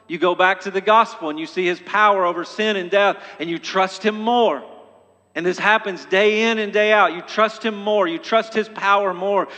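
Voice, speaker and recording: A pastor preaching a sermon. He is emphatic and often repeats phrases, stumbling and restarting, and builds to loud exhortation. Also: a little high. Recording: long hall reverb.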